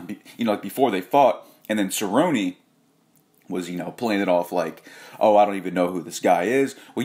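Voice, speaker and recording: A man's voice: lowish voice, darkish tone. A man hosting a casual rant vlog, talking in a rambling, profane way with frequent restarts and self-corrections. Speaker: host.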